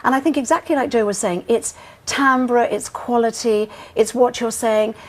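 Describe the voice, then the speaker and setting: A woman's voice: fairly high pitch, normal speed. An older woman with a posh English accent, a voice actress and coach speaking emphatically in a studio interview.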